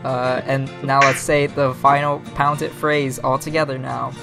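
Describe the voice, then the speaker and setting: A man's voice: mid-range voice, flat delivery, measured pace, creaky, over music. A man hosting a podcast in casual chat, playful and laughing, with lots of fillers. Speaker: podcast host.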